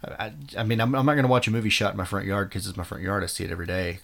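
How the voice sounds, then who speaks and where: A man's voice: low-pitched, very fast, vocal fry, a bit bright. An American man co-hosting a podcast, chatting casually and bluntly about films and swearing freely. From United States. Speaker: podcast co-host. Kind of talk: casual film chat.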